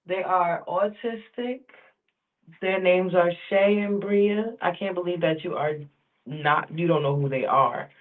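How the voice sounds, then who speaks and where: Higher-voiced guy chatting on a tinny line, eager, slangy, agrees a lot. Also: a little slow. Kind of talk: casual chat.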